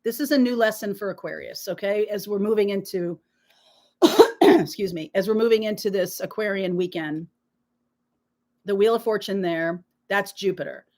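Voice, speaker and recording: This tarot reader runs a live stream with a sore throat, clearing it again and again as she reassures viewers emphatically and keeps asking "okay?" Her mid-range voice is expressive and darkish, moving at a normal speed.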